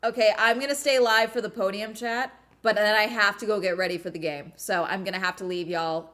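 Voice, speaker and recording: A woman hosting a live watch-along, chatting casually and breaking into excited cheers and laughter. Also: medium pitch, moderate pace. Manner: swears casually.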